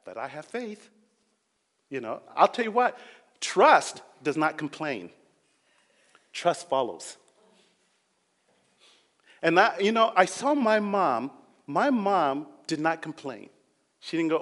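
Male preacher, fairly high voice, earnest and dynamic, long hall reverb. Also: very animated, a little slow. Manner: earnest, rising and falling between loud emphasis and quiet; acts out quoted voices. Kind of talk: sermon.

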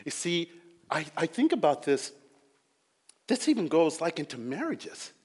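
A man's voice: on the high side, sing-song, a little slow, husky. Man preaching in a reverberant hall. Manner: earnest, rising and falling between loud emphasis and quiet; acts out quoted voices. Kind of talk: sermon.

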